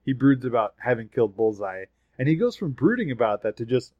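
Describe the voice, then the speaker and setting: Male co-host, animated and swearing in casual chat, very expressive pitch. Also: fairly quick, no echo, lo-fi sound. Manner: animated, swearing, laughing between points. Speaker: podcast co-host.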